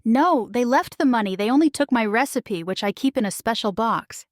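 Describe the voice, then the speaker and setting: A woman's voice: fairly high pitch, animated, moderate pace, no room sound, studio quality, voice pushed up, natural voice. A woman voicing a tearful middle-aged baker. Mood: upset. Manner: weepy, hiccuping, distraught.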